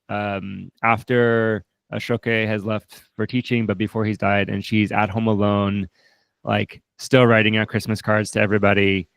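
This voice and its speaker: A low-voiced man with a gravelly edge talks through a film in a relaxed, reflective way. He keeps restarting his sentences as he thinks aloud. The sound is dry and close. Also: no room sound. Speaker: co-host, film reviewer. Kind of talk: casual film discussion.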